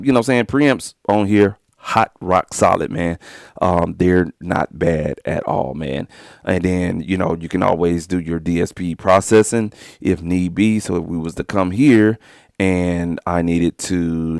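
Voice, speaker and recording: A man with a very low, gravelly voice talks through studio gear in a relaxed, rambling live-stream demo. He is loose and slangy, speaking close into a studio microphone. The sound is dry and close, with no room around it. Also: dry recording. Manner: laid-back, rambling, slangy with filler phrases. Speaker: music producer demonstrating an audio interface. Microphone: studio microphone into the interface.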